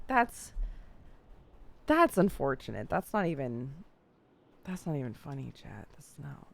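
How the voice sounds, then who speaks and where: A young woman talks casually to her stream audience, swearing and thinking aloud through half-finished sentences. Her pitch swoops up and down a lot, and she takes her time between words. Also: very animated, measured pace, vocal fry, long pauses. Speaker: livestreamer reacting to roleplay clips. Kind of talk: casual stream chat to viewers.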